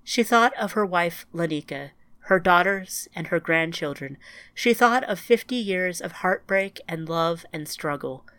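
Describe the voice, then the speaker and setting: A woman narrating a scripted audiobook in a quiet, even storytelling manner. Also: lowish voice, unhurried, no echo.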